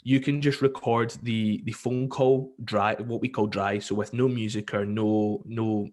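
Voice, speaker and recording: A man with a Scottish accent, a radio presenter chatting as a podcast guest, telling lively stories and acting out callers. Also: lowish voice, measured pace. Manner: lively storyteller, acts out callers, many fillers. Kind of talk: casual podcast interview.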